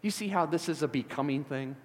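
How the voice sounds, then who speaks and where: A middle-aged man from the Chicago area preaches in a church sanctuary, his voice sitting a little high for a man. He talks to the congregation like a friend, then presses his points with rising fervor. A long church reverb trails his words. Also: a little fast, darkish tone. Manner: conversational preaching, building to fervent emphasis. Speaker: pastor. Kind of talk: sermon.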